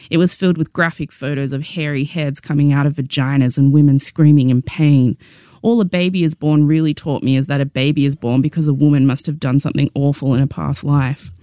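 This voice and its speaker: A young adult woman with an Australian accent narrating her memoir with wry, deadpan humor. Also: deep voice, dry recording, studio quality.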